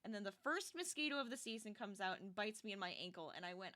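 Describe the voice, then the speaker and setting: A woman's voice: medium pitch, animated, fast, few pauses, pushed and bright. A young adult woman streaming as she crochets, chatting casually and animatedly with her viewers and laughing often.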